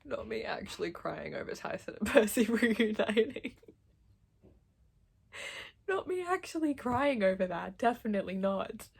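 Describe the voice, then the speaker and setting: A young Australian woman casually reading a book aloud and reacting, gushing excitedly with frequent laughter and casual swearing. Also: medium pitch, a little slow, vocal fry, breathy edge. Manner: laughs often. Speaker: book vlogger.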